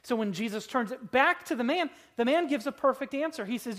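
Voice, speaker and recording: A woman preaching a sermon in a church service, swinging between loud, forceful lines and hushed ones, and slowing down to stress key words. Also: on the high side, expressive.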